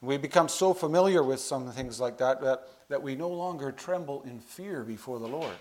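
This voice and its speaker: A man preaching a sermon to a congregation, earnest, building to louder emphasis on key phrases. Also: mid-range voice, normal speed.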